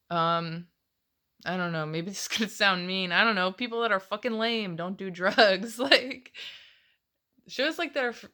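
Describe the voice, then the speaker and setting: A woman's voice: lowish voice, pushed and bright. A woman in her late twenties rambling casually in a confessional vlog, swearing often and laughing between phrases. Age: late 20s. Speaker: vlogger.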